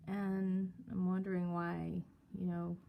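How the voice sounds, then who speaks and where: A woman's voice: lowish voice, completely flat delivery, slow, creaky, phone-quality sound. A woman telling a story to camera in a casual, hesitant way. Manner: hesitant, many fillers. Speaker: vlogger.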